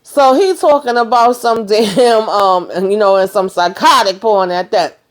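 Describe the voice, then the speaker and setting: Woman vlogger, casual TV-episode recap, animated and exasperated, swears freely, mid-pitched voice. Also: unhurried. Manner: animated, exasperated storytelling with frequent cursing.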